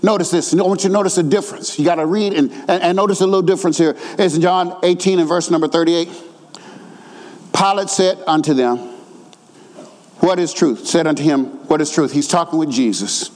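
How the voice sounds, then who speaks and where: High voiced man preaching, gets shouty and sing-song, lots of echo like a big church hall. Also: brisk. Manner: rising to shouts and sung emphasis, repeats words. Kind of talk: sermon.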